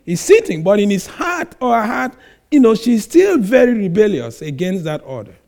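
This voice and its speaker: A man preaching a sermon, reading scripture slowly and stressing words with sudden loud emphasis. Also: high-pitched, big pitch swings.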